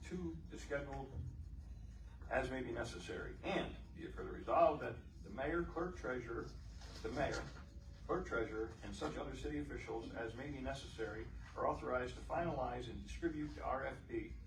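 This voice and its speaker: A man on a city council reading a resolution aloud in steady, formal legal phrasing. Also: mid-range voice. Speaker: council member. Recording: echoey chamber from far off, background noise.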